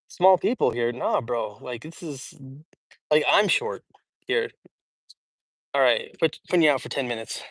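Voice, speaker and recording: A man's voice: medium pitch, a bit bright, no room sound. A young man from Idaho hosting a casual walk-and-talk livestream outdoors in a park, hot and sweaty, chatty and rambling, with lots of fillers and restarts, reading and answering chat. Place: outdoors in a large public park.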